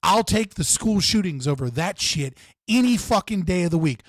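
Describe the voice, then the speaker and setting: A man's voice: sits high, expressive, normal speed, no echo, studio quality. A man hosting a live stream, ranting in a heated, profane way and repeating himself for emphasis. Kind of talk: livestream political rant.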